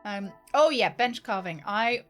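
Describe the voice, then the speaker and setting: A woman's voice: mid-range voice, expressive, unhurried, faint music behind. A woman chatting through a livestream game, laughing often and rambling in jokey asides. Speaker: streamer. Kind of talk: gaming livestream commentary.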